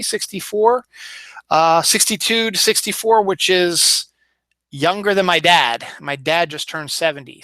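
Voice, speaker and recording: Bright, crisp man with a light Baltimore accent. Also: fairly high pitch, no room sound. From Baltimore, Maryland. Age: 40s. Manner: rambling, many fillers and restarts. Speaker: podcast host. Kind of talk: solo casual chat.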